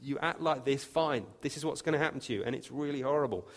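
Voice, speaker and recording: A man preaching a sermon, emphatic, with his voice lifting and growing louder when he quotes scripture. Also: mid-range voice, quick pace. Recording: long reverb of a hall.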